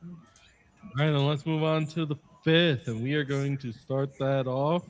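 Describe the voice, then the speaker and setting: A man's voice: a little high, flat delivery, measured pace, soft background music. A man co-hosting a casual podcast, reading out dates and agreeing. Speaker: podcast co-host.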